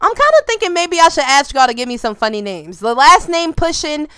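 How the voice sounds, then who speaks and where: A young woman giving casual gameplay commentary, excitable, with loud outbursts and slang aimed at her viewers. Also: high voice, brisk, no room sound. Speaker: gaming video creator.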